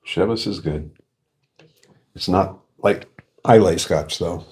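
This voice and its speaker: A man's voice: low voice, slow, a little mellow. A man co-hosting a beer review, casually describing aromas and flavors, at times self-deprecating. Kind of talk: casual chat.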